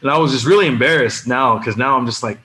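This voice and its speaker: Podcast guest, male, mid-pitched, animated storyteller who mimics the people he quotes, faint background noise. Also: fast talker. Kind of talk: casual anecdote telling.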